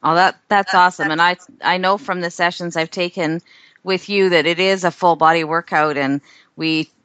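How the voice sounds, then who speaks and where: A woman's voice: fairly low pitch, steady tone, normal speed, fairly bright tone, smooth, no echo. A woman co-hosting a casual chat, talking with enthusiasm. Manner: enthusiastic, chatty.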